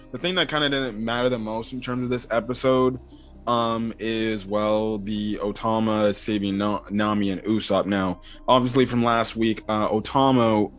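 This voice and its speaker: Rambling young man recapping an episode. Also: on the low side. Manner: rambling, lots of filler words. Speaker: anime episode reviewer. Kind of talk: casual commentary. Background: faint background music.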